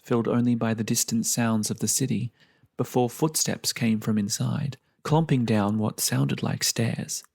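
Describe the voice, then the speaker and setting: A man reads a first-person fantasy tale in a measured, unhurried storytelling manner. His voice sits at a middle pitch, with a noticeable gravelly fry running through it. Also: a little mellow. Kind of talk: fiction reading, first person.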